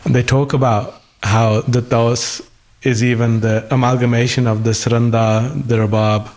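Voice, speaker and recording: A man's voice: mid-range voice, level tone, normal speed, darkish tone. A man in a conversational interview, speaking thoughtfully with hesitant restarts, his voice still recovering after an illness. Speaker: guest musician.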